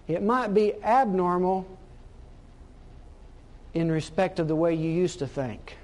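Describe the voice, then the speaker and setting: High-voiced preacher, emphatic and repetitive. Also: male voice, measured pace, pauses often, darkish tone. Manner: emphatic, repeats key phrases. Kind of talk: sermon.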